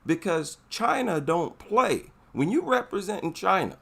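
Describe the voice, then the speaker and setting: Male vlogger, slightly high lively voice, emphatic, drives each point home twice. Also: measured pace, creaky, husky. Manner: emphatic, repeats his points for effect. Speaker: MMA commentary vlogger. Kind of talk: casual commentary.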